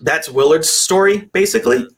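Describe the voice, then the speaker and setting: A man co-hosting a casual movie review chat, rambling and animated, swearing now and then. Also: sits high, moderate pace, vocal fry. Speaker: podcast co-host.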